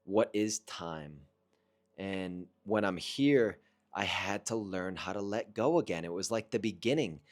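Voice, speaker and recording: Earnest low-voiced man telling his story. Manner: earnest and reflective, with halting restarts. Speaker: vlogger recounting a personal experience. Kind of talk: casual personal storytelling.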